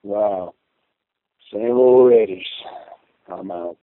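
A man's voice: lowish voice, drawn-out words, a little hiss or hum. Fed-up man calling in by phone. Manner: disgusted, exasperated venting. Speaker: caller. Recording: tinny phone line.

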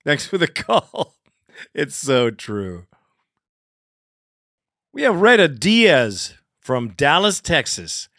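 A man's voice: a little high, sing-song, takes it slowly, long pauses, sharp tone, no echo, studio quality. A male host taking calls on a fan call-in show, loose and swearing.

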